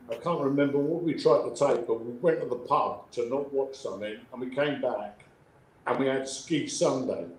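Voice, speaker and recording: A middle-aged man with a British accent, a guest author telling stories in casual chat, profane and animated. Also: medium pitch, a little hiss or hum. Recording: echoey room, faint ambience.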